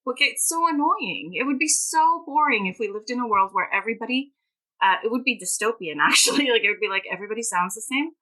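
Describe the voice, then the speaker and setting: A woman's voice: on the high side, animated, a little fast, bright, forceful tone, low-quality recording. A woman, a guest author and language teacher, talking emphatically and at length in a podcast interview. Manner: passionate, emphatic and talkative.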